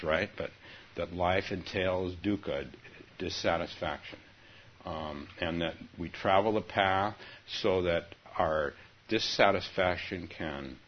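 A man's voice: low-pitched, slightly rough. A man teaching as a Zen teacher in a dharma talk, hesitant with many ums and chuckling asides, and reading a story aloud with rising emphasis. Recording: dull lo-fi recording.

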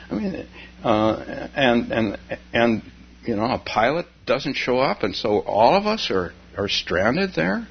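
A man giving an informal dharma talk as a meditation teacher, speaking haltingly, with restarts and chuckles. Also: medium pitch, big pitch swings, gravelly, breathy edge. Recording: dull lo-fi with faint hum.

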